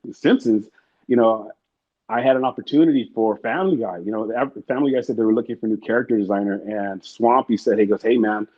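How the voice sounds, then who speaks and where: A husky-voiced man rattles through his stories at a quick clip, rambling and swearing as he acts out the people in them. The sound is a bit muffled and lo-fi, like a modest interview recording. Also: on the low side. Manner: rambling, profane, acts out quotes. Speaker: interview guest. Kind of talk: casual storytelling.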